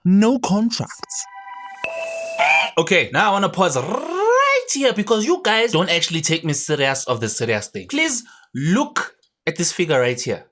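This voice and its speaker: A young man with a South African accent hosts a comedic rant vlog, sarcastic and animated, with jokey asides. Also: high voice, moderate pace, dry recording, soft background music. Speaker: YouTube host.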